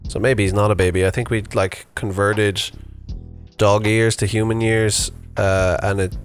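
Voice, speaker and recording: A man's voice: fairly low pitch, little pitch movement, measured pace, faint music behind. A man in his thirties casually narrating an unscripted vlog while walking his dog outdoors, chatty and rambling with fillers. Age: 30s. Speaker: vlogger. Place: outdoors on a morning walk.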